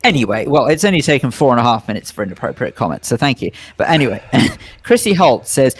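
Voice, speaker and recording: A man's voice: medium pitch, big pitch swings, fast, few pauses, breathy edge. A man co-hosting a radio show in casual banter, wry and mock-indignant as he reads listener messages. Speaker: radio co-host. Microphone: studio microphone.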